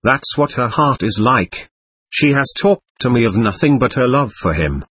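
A man's voice: mid-range voice, lively intonation, normal speed, a bit bright, breathy edge, dry recording. A man voicing a proud, bitter young man saying a wounded farewell, cold and reproachful.

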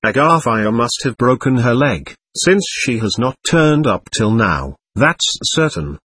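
A self-assured schoolboy who talks with mock solemnity and likes to show off, as a man reads him. The voice is husky and lively in pitch. It is recorded dry and close. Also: a little slow, no room sound, heavily acted. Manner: solemn, showing off.

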